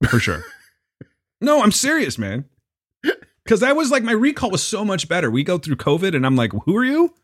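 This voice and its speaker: Animated teasing male host. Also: sits high, moderate pace, long pauses, breathy edge, dry recording, clean studio sound. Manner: teasing, argumentative, laughs often. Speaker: podcast host. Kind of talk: casual chat.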